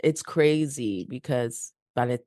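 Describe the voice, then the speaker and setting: A woman's voice: a bass voice, slow, no echo, studio quality. A woman from New York, a podcast guest, telling her story casually and acting out the dialogue. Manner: animated, acts out quoted dialogue.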